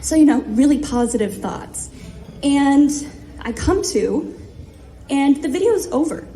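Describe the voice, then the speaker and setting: A woman's voice: a little high, expressive, slow, dark tone. A woman in her thirties from Ohio, telling a comic personal story on stage in a self-deprecating, vivid way. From Ohio, USA.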